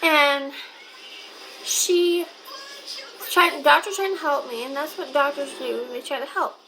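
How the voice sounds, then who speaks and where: A woman's voice: high-pitched, a little slow, low-quality recording. A young woman vlogger telling a personal story, talking straight to her viewers in a chatty way. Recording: clear steady background noise.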